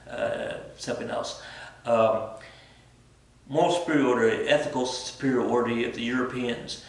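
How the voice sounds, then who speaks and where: Rambling male teacher in an echoey room. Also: medium pitch. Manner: rambling, frequent self-corrections and fillers. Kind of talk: casual classroom lecture. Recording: very echoey room, from far off the mic.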